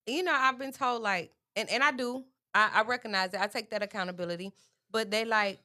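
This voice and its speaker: A middle-aged mother on a talk panel, telling stories in an animated, lively way. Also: medium pitch, fairly quick. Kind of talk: casual chat.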